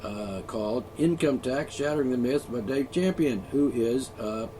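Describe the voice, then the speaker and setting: A man's voice: mid-range voice, moderate pace, dark tone, slight background noise. A man ranting alone, profane and sarcastic, mocking the people he is angry at. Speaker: ranting vlogger. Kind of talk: angry solo rant.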